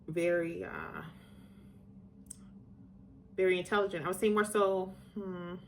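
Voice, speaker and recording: A middle-aged woman telling a personal story to her viewers, chatty and digressive, getting animated when she recalls moments. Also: on the low side, a little hiss or hum. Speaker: vlogger telling personal stories. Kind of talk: casual storytelling to camera.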